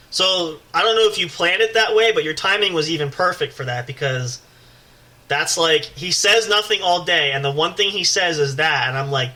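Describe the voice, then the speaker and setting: A man co-hosting a podcast, telling a story in an animated, rambling way, with swearing and constant restarts. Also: on the high side, moderate pace, rough recording. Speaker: podcast co-host. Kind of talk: casual podcast banter.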